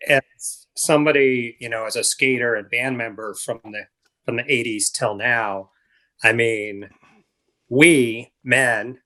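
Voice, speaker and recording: An earnest man in his fifties, guesting on a podcast for his charity. His voice is bright and sharp at the edges. He stops and restarts often as he works through his thoughts. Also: medium pitch, rough recording. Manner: earnest, halting, many restarts. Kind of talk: casual interview talk.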